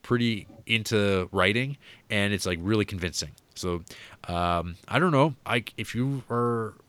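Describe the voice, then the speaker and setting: A man's voice: fairly low pitch, unhurried, fairly bright tone, clean tone, no room sound. A man casually chatting about movies he watched, rambling with lots of fillers and restarts. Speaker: podcast co-host reviewing movies. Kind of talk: casual chat.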